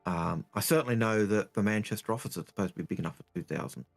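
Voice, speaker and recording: Man, co-host, fairly low voice, hesitant, repeats himself, blunt when annoyed, casual chat, faint music. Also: fast talker, creaky. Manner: hesitant and repetitive, getting heated when annoyed.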